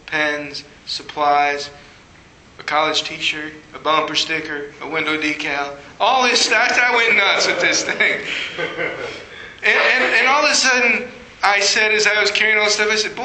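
A man preaching a sermon with a very bright, ringing voice that sits a little high for a man. He tells stories from his own life and leaps up in pitch when he quotes his younger self. The sound carries a noticeable room echo. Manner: storytelling, rising high when acting out his past self.

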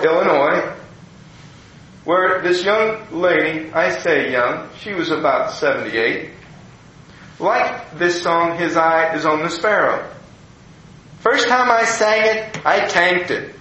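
An older man, a pastor, telling a personal story in a folksy, animated way. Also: on the high side. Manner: folksy, animated storyteller, acting out quoted people. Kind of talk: personal story told to an audience. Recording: very echoey room, faint ambience.

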